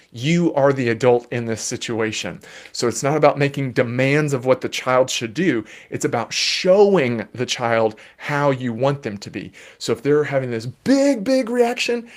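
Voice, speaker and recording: A man who works as a children's therapist, giving calm, explanatory and gently playful parenting advice in a live Q&A. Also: medium pitch.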